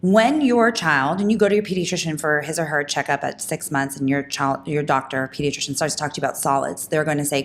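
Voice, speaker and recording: A woman hosting a podcast, telling a personal story in an animated, emphatic way, with quick restarts. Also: slight background noise. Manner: animated, fast talking with frequent restarts; emphatic, rising pitch when indignant. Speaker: podcast host.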